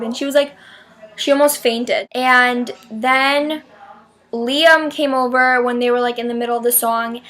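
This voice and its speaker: A young woman excitedly telling a concert story in a casual vlog, full of "like" and sudden shrieks. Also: normal speed. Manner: gushing fan, shrieks names in high bursts; heavy "like" filler, chatty and dramatic. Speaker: vlogger.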